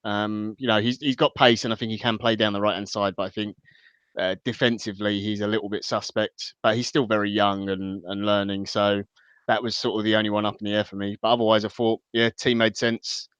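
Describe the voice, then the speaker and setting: A man talking football as a podcast guest, measured and thinking aloud, over slightly dull call audio. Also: lowish voice, little pitch movement, a bit bright, clear, resonant tone, no room sound. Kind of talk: casual football analysis.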